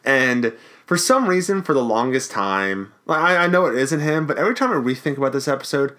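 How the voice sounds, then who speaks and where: A man from the Baltimore area co-hosting a podcast in casual, jokey, excitable chat. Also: mid-range voice, fairly quick. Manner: jokey, excitable, self-mocking. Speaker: podcast co-host.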